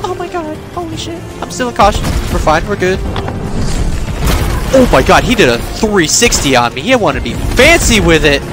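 Excitable high-voiced man gaming, swearing. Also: moderate pace. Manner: excitable, swearing, yelping reactions. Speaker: gaming streamer. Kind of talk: let's play commentary. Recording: game sounds and music behind voice.

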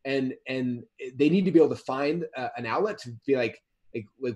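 A man in his thirties speaking as a guest in a casual interview. He talks quickly, circling back, restarting and repeating words as he works through his point. His pitch sits in a normal male range. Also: darkish tone. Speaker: guest author.

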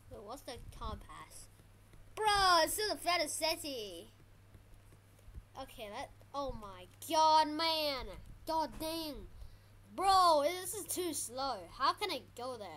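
Woman gaming host, casual play-by-play, trash-talks opponents, unhurried delivery with a bright tone, faint noise behind. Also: high voice. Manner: excitable, trash-talking opponents. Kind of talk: casual gameplay commentary.

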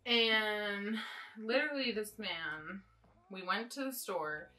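A young adult woman chats while she does her makeup for a get-ready-with-me video. Her voice is bright and pushes forward, and she rambles bluntly with casual swearing. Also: medium pitch, slow, low-quality recording. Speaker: beauty vlogger.

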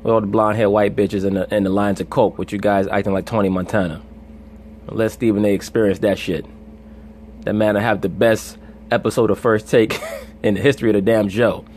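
A man with a fairly low voice delivers opinionated, profane football commentary in a casual vlog. He talks bluntly and with confidence. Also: flat delivery, a little fast, darkish tone, a little hiss or hum. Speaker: sports commentary vlogger.

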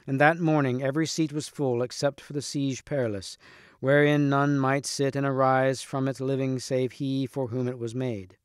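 A man reading a storybook aloud in a steady, clear narrating manner. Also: medium pitch, normal speed, dry recording, studio quality. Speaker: reader.

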